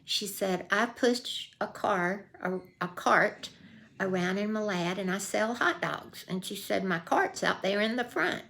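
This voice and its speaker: A woman's voice: lowish voice, gravelly, a bit bright. An older woman telling a folksy true story in a casual vlog, acting out the voices she quotes. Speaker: vlogger.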